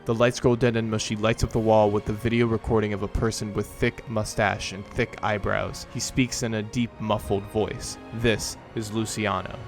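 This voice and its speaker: A man narrating as the game master of a tabletop role-play game, setting scenes in a measured, dramatic way. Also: on the low side, level tone, faint music behind.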